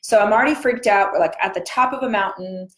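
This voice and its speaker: A woman's voice: medium pitch, fast talker, roomy sound. Chatty woman talking through a cold sore. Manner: chatty, talking with barely opened lips. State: cold sore, speaking with a small mouth. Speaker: live stream host. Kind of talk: casual morning live stream chat.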